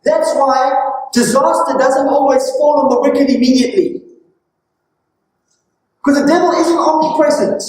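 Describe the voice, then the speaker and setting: A woman preacher delivers a sermon, asking her listeners questions and stressing her points. Her voice sits high. It rings around a very echoey hall. The microphone is some distance away. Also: fairly even intonation, unhurried, pauses often, darkish tone. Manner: questioning, engaging, emphatic.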